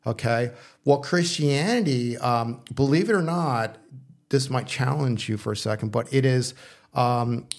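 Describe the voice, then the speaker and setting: A man with a rough, gravelly edge, chatting casually as a pastor. He works through ideas aloud, restarting sentences and checking in with his co-host, with a playful streak. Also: medium pitch, unhurried. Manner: thinking aloud, with restarts and frequent "okay?" check-ins; playful, teasing. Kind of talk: casual discussion on faith and philosophy.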